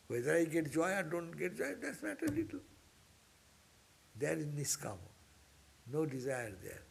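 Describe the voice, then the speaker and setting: A man's voice: on the high side, wildly swooping pitch, normal speed, creaky, pauses often, husky. A man, a monk, giving an informal scripture class in an earnest, exhorting way that repeats key points. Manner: earnest, repetitive, exhorting, with sudden upward bursts. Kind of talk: informal spiritual class lecture.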